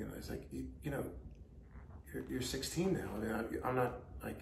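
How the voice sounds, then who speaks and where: A man's voice: medium pitch, vocal fry, echoey room, background noise. Emphatic Long Island man ranting. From Long Island, New York. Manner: emphatic, rapid rants with mimicked quotes. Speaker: guest. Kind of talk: casual chat.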